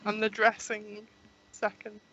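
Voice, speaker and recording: A woman's voice: mid-range voice, monotone, takes it slowly. A woman in a casual gaming chat, giggly and teasing. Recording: dull noisy voice-chat mic.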